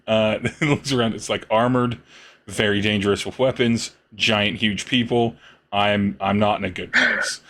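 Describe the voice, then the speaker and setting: Slow, low-voiced male game master. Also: a bit bright, slight background noise. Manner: halting, many fillers, chuckling. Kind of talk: narrating a tabletop game.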